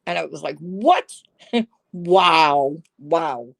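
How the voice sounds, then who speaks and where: A woman with a slightly low voice and an unhurried pace, chatting casually to her livestream viewers. She talks into her phone's microphone with no room echo, and she is sarcastic and laughs a lot. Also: a little mellow. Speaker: livestream host. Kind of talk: casual live-stream chat.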